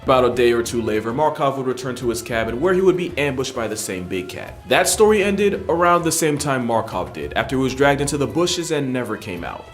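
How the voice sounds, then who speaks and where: Fast-talking man narrating over music. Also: mid-range voice, sing-song. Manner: slangy, brisk delivery. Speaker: documentary-style narrator. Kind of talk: scripted comedic narration.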